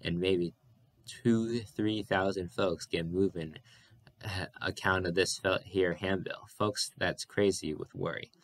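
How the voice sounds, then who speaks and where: A ragged, worn-out migrant with a bitter streak and a drawling rural way of talking, as a man reads him aloud. The voice sits low and deep, nudged a little higher and louder than the narration around it. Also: fairly even intonation, a little slow, dry recording.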